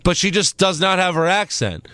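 A man's voice: high voice, animated, moderate pace, sharp tone, dry recording, clean studio sound. A man hosting a podcast, recapping wrestling in casual, rambling chat with swearing. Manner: rambling, swears, mocks with put-on quotes. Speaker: podcast host.

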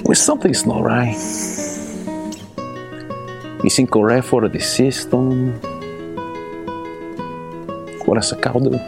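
A man's voice: mid-range voice, steady tone, creaky. A man putting on a boastful rancher uncle. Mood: folksy. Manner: slow, grandiose storytelling. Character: boastful older Mexican rancher uncle, folksy philosopher. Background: guitar music.

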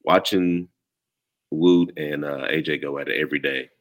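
A man's voice: extremely low pitch, fairly even intonation, normal speed. A man with a Southern country accent, chatting casually as a podcast guest in a laid-back, rambling way full of "you know.". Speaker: former player, podcast guest. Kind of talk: casual chat.

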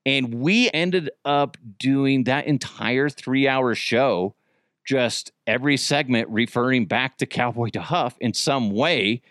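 A man in his thirties hosting a podcast, telling old radio stories in a rambling, profane, animated way with frequent restarts. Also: medium pitch, takes it slowly, no echo, clean studio sound. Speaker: podcast host, former radio producer. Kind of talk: casual storytelling.

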